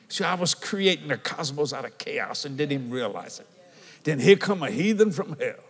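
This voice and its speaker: A man's voice: on the high side, normal speed, slightly rough. Older man preaching in a reverberant hall. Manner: animated storytelling, calls and responses with the congregation. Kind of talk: sermon.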